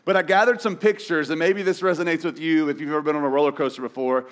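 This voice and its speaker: A man's voice: on the high side, steady tone, quick pace. A man preaching a sermon in a conversational, self-deprecating way, often restarting his sentences. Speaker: pastor. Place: church auditorium.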